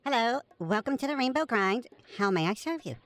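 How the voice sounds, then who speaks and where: A woman's voice: on the high side, animated, brisk, fairly bright tone. Bean, a dithering barista, voiced by a woman. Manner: hesitant, full of ums. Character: dithering young female coffee-shop barista.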